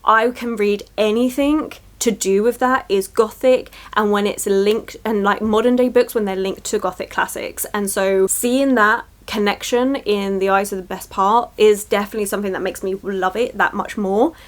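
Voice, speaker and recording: A woman chatting casually in a reading vlog, excitable and rambling, gushing over books and a little tired. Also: mid-range voice, normal speed, hardly any pauses. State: tired from early shifts. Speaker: book vlogger.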